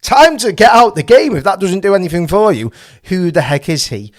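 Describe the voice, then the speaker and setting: Male channel host with a high, lively voice; fired-up opinion piece, heavy on rhetorical questions. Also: a little fast. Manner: passionate, ranting with rhetorical questions. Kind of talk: opinionated commentary.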